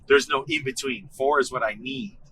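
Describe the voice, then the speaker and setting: A man in his thirties telling a story in casual chat, animated and swearing freely, acting out what his bosses said. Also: mid-range voice, moderate pace, a little hiss or hum, rough recording. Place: car.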